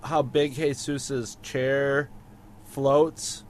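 A man chatting as a podcast co-host, enthusiastic but halting as he gathers his thoughts. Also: medium pitch, level tone, a little hiss or hum. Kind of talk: casual chat.

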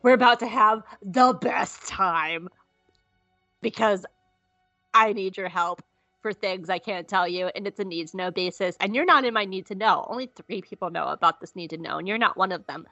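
A woman voicing a cool, secretive female senator who talks in a hushed, insistent, teasing way, on a dull lo-fi recording. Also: medium pitch, normal speed, no echo, faint music behind. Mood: scheming.

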